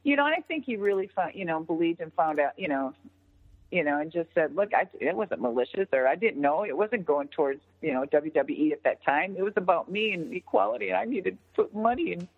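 A woman's voice: on the low side, brisk, husky. A middle-aged woman, a former wrestler, telling stories in a casual interview, swearing freely and acting out what others said. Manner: animated, swears freely, acts out quoted dialogue. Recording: tinny phone-like line with long reverb.

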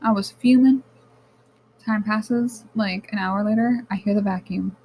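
A woman's voice: mid-range voice, a little slow, creaky, highs cut off, a little hiss or hum. Candid young woman telling stories casually. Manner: candid, animated storytelling with frequent swearing. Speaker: podcast host. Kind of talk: casual personal monologue.

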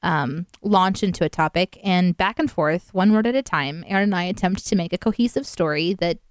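A woman co-hosting a casual livestream chat, playful and quick to laugh as she stumbles through tongue twisters. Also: lowish voice, dry recording, studio quality. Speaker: co-host.

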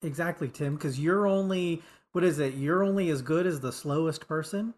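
Guest guy, kinda high voice, trails off a lot, casual movie talk. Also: normal speed, a little mellow, slight background noise. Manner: rambling, hesitant asides. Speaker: podcast guest. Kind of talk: casual chat.

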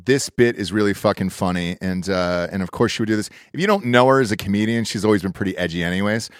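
A man hosting a casual podcast in a studio, talking loudly and profanely and jumping into hype-man shouts. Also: fairly low pitch, fast, no echo. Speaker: podcast host. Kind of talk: casual banter. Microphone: studio mic.

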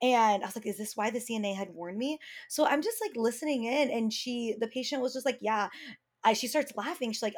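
Young woman telling a story, animated. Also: fairly high pitch, a little fast. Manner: animated storyteller, acts out quoted voices, many "like" fillers. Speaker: podcast co-host, speech therapist. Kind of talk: casual storytelling chat.

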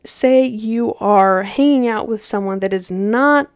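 A woman's voice: mid-range voice, slow, clear, resonant tone, no room sound, studio quality. A young adult woman hosting a casual solo podcast, chatty and slangy with laughs. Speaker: podcast host.

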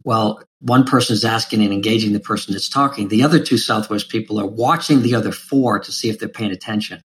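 Male host, energetic talker, mid-range voice. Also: on the low side, fast talker. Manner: energetic, animated storyteller. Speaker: podcast host. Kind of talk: casual interview chat.

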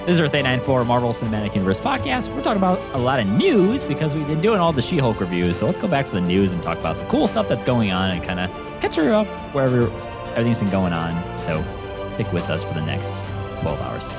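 Hyped-up animated male podcast host. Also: medium pitch, fast talker, over music. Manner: animated, hyped, swears freely. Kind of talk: excitable podcast chat. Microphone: remote recording setup.

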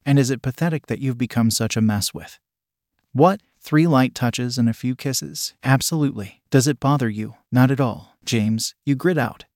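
A man's voice: mid-range voice, normal speed, no room sound, clean studio sound. Man narrating an intimate adult story. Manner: soft, intimate storytelling addressed to the listener. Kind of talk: second-person adult audio story narration.

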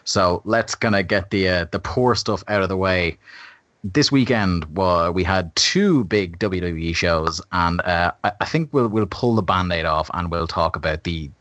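A man hosting a casual podcast, quick teasing banter and frequent laughs. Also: sits low, a bit bright, no room sound. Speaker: podcast host.

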